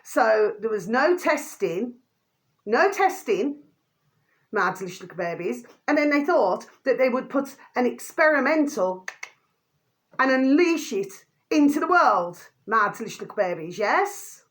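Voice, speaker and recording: In a ranting to-camera vlog, a woman lets off steam at her audience with mild swearing and a pet name for them she uses again and again. She has a fairly high, bright, expressive voice and talks at a normal rate.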